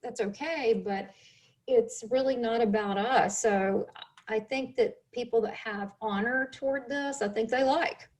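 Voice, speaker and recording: A woman hosting an interview show, talking in a chatty, animated way, full of asides. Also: on the high side, unhurried. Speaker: show host. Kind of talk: casual interview chat.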